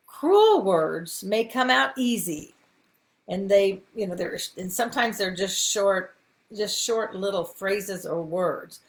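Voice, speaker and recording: A middle-aged woman, hosting a live faith talk in a folksy, encouraging way with many ums and asides. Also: mid-range voice. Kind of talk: casual live-stream teaching.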